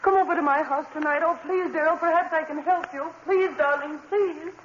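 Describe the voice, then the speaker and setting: An actress playing a gentle, devoted young woman who pleads tenderly with her lover, in an old radio drama. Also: very high-pitched, steady tone, fairly quick. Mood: tender pleading. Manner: tender and pleading, rising to alarmed cries. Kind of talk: 1940s radio acting. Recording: lo-fi old radio broadcast with hiss.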